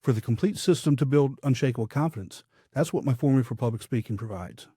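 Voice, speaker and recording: Male podcast host, speaking coach; husky mid voice, scripted and emphatic delivery. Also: medium pitch, fast talker, mellow, dry recording, studio quality. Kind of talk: scripted instructional podcast talk.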